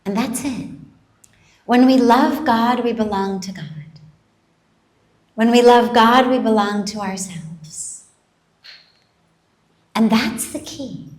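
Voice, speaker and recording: Woman spiritual teacher, unhurried talk, rather high voice, echoing hall, live audience. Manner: slow, measured, gently emphatic teaching. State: coughing from a dry throat after singing. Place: large event hall.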